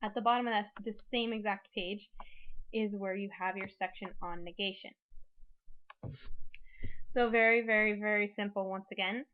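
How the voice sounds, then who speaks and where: A woman's voice: medium pitch, fairly even intonation, moderate pace, pauses often. Chatty woman teaching a lesson, lo-fi. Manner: chatty, explains with many examples. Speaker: Spanish teacher. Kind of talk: recorded lecture for students. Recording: dull lo-fi recording.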